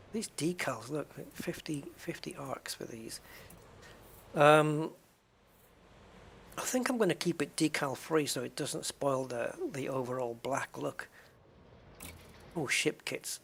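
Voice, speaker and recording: A man's voice: medium pitch, lively intonation, unhurried, gravelly, long pauses, fairly bright tone, a little hiss or hum. A middle-aged man streaming a game, chatting casually with viewers, rambling and chuckling as he goes. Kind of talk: casual live-stream chat while playing.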